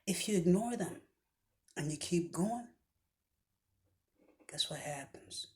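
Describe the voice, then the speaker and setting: A man giving a motivational speech with a preaching cadence, often dropping his voice to a hushed whisper for emphasis. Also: high voice, expressive, takes it slowly. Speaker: motivational speaker.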